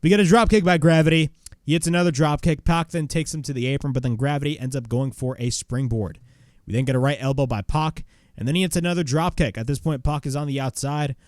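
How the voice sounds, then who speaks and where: A man's voice: a little high, quick pace, darkish tone, dry recording, clean studio sound. A man reviewing a wrestling show in casual chat, recapping moves play by play and swearing bluntly.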